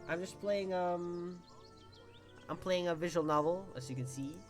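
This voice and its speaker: Excitable young man streaming a game. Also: high-pitched, unhurried, music in the background. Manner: excitable, swears and exclaims between read-out passages. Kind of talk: casual game streaming, reading game text aloud.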